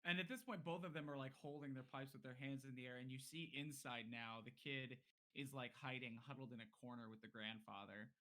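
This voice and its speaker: A man's voice: medium pitch, fairly even intonation, fairly quick, few pauses, fairly bright tone. A man narrating scenes as game master in a casual tabletop game, descriptive with loose fillers.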